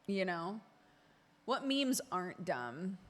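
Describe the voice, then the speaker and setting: A woman's voice: fairly low pitch, sing-song, takes it slowly, fairly bright tone. A woman streamer chatting casually with her viewers, laughing often as she talks. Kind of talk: casual live-stream chat.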